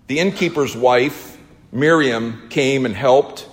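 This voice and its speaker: A man performs a first-person story in a slow, measured delivery, letting emotion build in waves. His mid-range voice rings out into a big space with a long echo tail, like a preacher in a church. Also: mid-range voice, expressive. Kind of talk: first-person dramatic monologue. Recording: long hall reverb.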